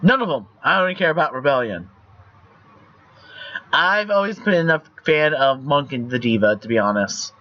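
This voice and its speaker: A young man with a slightly high voice and lively intonation streams a text game at a moderate pace, with no echo. He reads story passages aloud and chats loosely, swearing casually, over a dull lo-fi stream mic.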